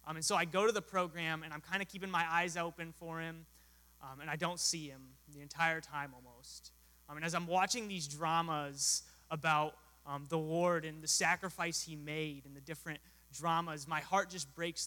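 A young man tells his story earnestly and acts out each exchange. His voice is bright and a bit high. Long hall reverb surrounds him. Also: fairly even intonation, moderate pace. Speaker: mission volunteer. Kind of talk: testimony.

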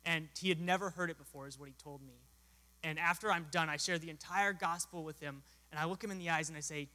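Earnest young man, bright voice, echoing hall. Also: a little high, a little fast. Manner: earnest storyteller, acts out dialogue. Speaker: mission volunteer. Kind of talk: testimony. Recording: hall reverb.

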